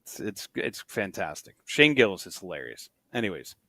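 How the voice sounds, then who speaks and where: A man's voice: low voice, sing-song, moderate pace, bright, forceful tone, no echo. A man with a New Jersey accent co-hosting a casual sports podcast, rambling and joking as he riffs off topic. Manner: jokey, rambling, slips into mock fan voices. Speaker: podcast co-host.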